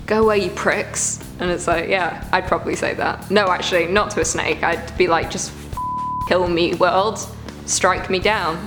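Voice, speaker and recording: A woman's voice: fairly low pitch, fairly bright tone. A woman hosting a reaction video in casual commentary, squeamish and groaning in disgust.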